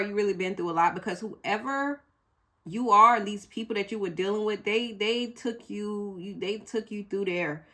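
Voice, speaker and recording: A woman's voice: medium pitch, moderate pace, sharp tone. A woman reading tarot cards for viewers in a casual, emotional way, cursing freely as she goes. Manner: blunt, emotional, curses freely. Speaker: tarot reader.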